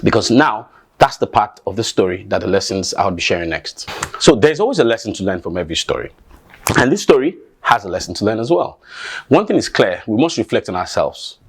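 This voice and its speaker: A man's voice: fairly low pitch, sing-song, a little fast, breathy edge. A man telling a family folk tale in a conversational way and then drawing its lesson. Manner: conversational, acts out voices, draws the lesson. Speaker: storyteller. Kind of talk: oral storytelling with a moral.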